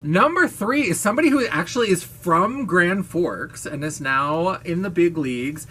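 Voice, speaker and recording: A man's voice: high voice, animated, normal speed, sharp tone, breathy edge. A man vlogging in a casual monologue, gushing, playful and self-mocking, with a brash, blaring voice.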